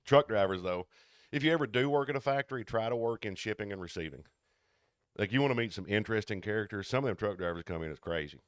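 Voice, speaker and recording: Man spinning animated podcast stories. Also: fairly low pitch, fast, clean tone, no room sound, clean studio sound. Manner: animated storyteller who acts out quoted people. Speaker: podcast co-host. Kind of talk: casual storytelling chat.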